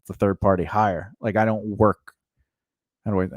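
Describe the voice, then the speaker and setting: A podcast co-host tells a story in casual chat, acting out the quoted dialogue and laughing often. His lowish voice is level and moderately paced, and the recording has no echo and cut-off highs.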